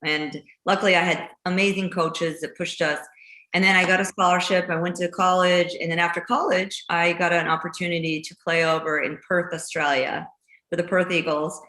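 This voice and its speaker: A woman's voice: on the low side, brisk, echoey room. A woman from Idaho chatting as an interview guest, telling stories with frequent laughter. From Idaho, USA. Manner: laughs often, animated storytelling. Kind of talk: casual interview chat.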